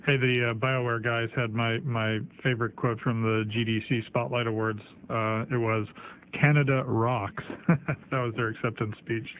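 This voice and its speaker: A man's voice: mid-range voice, little pitch movement, normal speed, clean tone. A man, a game developer guest, chatting playfully on a radio show. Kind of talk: casual radio chat. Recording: tinny phone-line radio audio.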